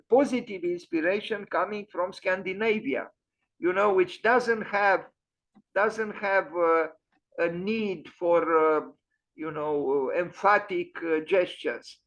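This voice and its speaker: A man hosting an online architecture lecture, pausing often with fillers and restarts. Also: high-pitched. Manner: hesitant, many fillers and restarts. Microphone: video call. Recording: dull lo-fi online audio.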